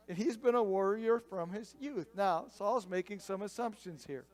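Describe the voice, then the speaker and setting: A man's voice: high-pitched, normal speed. A male pastor preaching a sermon, retelling a scripture story in a conversational way.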